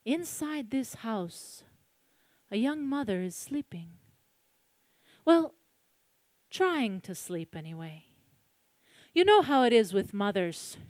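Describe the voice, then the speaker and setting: A Colombian woman telling a spooky folk tale aloud, hushed and dramatic, with suspenseful pauses. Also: a little high, dry recording, studio quality. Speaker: storyteller. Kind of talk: live oral storytelling.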